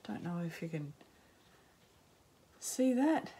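Middle-aged Aussie woman, unhurried rambling chat, self-mocking, lots of ums. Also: fairly low pitch, sing-song, mellow, a little hiss or hum. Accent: Australian. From Australia. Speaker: knitting podcaster. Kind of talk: casual chat to camera. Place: home, in sunshine.

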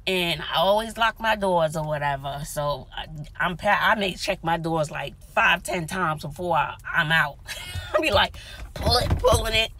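Bright-voiced woman telling a car story. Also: lowish voice, moderate pace, a little hiss or hum. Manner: animated, dramatic retelling with whispered asides. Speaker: vlogger. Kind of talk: casual storytelling to camera. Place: inside a parked car.

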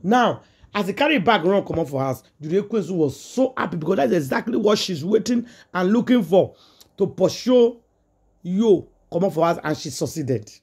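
A man with a Nigerian Pidgin English accent, hosting a gossip channel and retelling a story in excited, repetitive casual commentary. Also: high voice, moderate pace, breathy edge.

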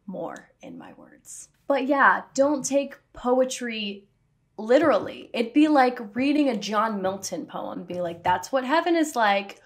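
Sassy, animated woman vlogger. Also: fairly high pitch, takes it slowly. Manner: sassy, self-aware. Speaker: video essayist. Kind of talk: casual commentary to camera.

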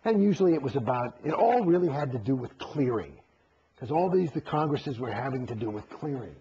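A man's voice: mid-range voice, a little fast, muffled recording. A man in a candid interview, telling a story with lots of swearing and acting out the exchanges he describes. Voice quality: gravelly, husky. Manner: profane, animated, acts out quoted exchanges.

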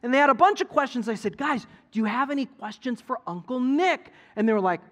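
A middle-aged male pastor preaching a sermon in a conversational, animated storytelling way, acting out quotes from people. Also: extremely high pitch, fairly quick, hardly any pauses.

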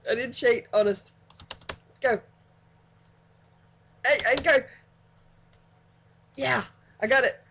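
A woman narrates her own gameplay in an excitable, giggly way, cursing cheerfully when things go wrong. She talks at a slow, drawn-out pace in a slightly high voice. Faint keyboard clicks sit underneath. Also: slight background noise. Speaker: gaming channel host. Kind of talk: let's play commentary.

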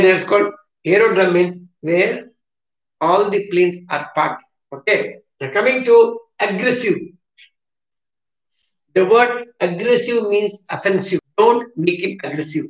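A man's voice: a little high, fairly bright tone. A man with a South Indian English accent teaching vocabulary in a classroom, spelling words letter by letter and repeating himself. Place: classroom with a board. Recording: roomy, distant, dull classroom recording.

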